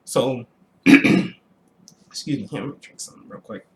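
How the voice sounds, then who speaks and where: A young adult man casually recounting a personal story to the camera, animated, with frequent restarts and throat clearing. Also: mid-range voice, normal speed. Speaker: vlogger telling a personal story.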